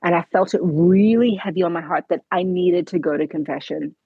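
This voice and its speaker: Woman guest, husky low voice, halting emotional testimony, dry sound. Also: steady tone, no room sound, phone-quality sound. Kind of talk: personal testimony interview.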